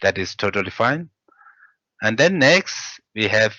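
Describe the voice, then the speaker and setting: A man teaching pronunciation, reading syllables aloud and pausing often with hesitant fillers. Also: on the low side, expressive, pushed and bright, dry recording. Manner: hesitant, many pauses and fillers. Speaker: language teacher. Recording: dull, dry lo-fi recording.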